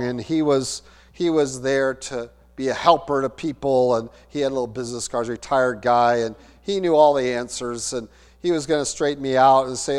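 A man's voice: mid-range voice, normal speed, smooth. A middle-aged man preaching a sermon as pastor, emphatic and conversational, asking the congregation rhetorical questions. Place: church sanctuary. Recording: long hall reverb with mains hum.

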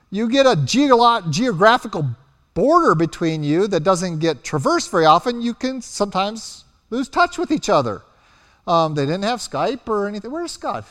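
Animated high-voiced male preacher. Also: in a large hall. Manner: animated storytelling, acts out quotes. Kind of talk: sermon.

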